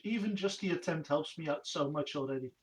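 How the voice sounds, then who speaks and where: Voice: mid-range voice, brisk, recorded from a distance, low-quality recording. A player speaking in character in a tabletop game, polite and hesitant, often repeating the first words.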